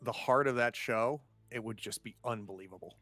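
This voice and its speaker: A man's voice: mid-range voice, brisk, music in the background. Upbeat man hosting as game master. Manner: upbeat, chatty, gushing. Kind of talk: casual show outro with plugs.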